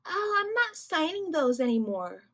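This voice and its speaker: A woman voicing a dismissive, stubborn female high school teacher who speaks in a flat, offhand way. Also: normal speed, full character voice.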